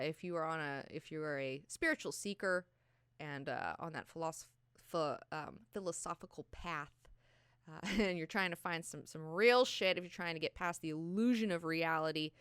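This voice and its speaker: Casting note: a woman book club host, bright crisp voice, animated, casual and profane. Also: low-pitched, no room sound, studio quality. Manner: animated, swears freely, acts out scenes. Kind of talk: casual chat.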